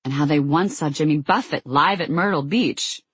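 A wry teenage girl who teases in a deadpan voice, as read by an audiobook narrator. The tone is a little husky, recorded dry and close. She sounds quick and unimpressed. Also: medium pitch, no room sound. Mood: teasing.

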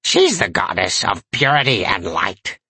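Man doing a croaky, crude little imp. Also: low voice, wildly swooping pitch, unhurried, pushed and bright, dry recording, voice pushed down, exaggerated voice. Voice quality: croaky, gravelly. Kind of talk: audiobook character voice.

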